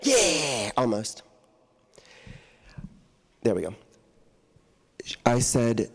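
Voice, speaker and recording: A man telling a personal story to an audience on a handheld mic, animated and often laughing as he acts out the people in it. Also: fairly high pitch, takes it slowly, long pauses. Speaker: guest author speaker. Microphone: handheld microphone.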